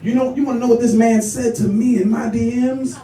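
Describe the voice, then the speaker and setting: High-voiced man doing stand-up in an echoey club. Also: brisk, a little hiss or hum. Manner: animated, teasing, talks straight to the crowd. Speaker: stand-up comedian. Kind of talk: stand-up comedy set. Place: comedy club stage with a live audience. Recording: echoey club room from far off, loud crowd laughter.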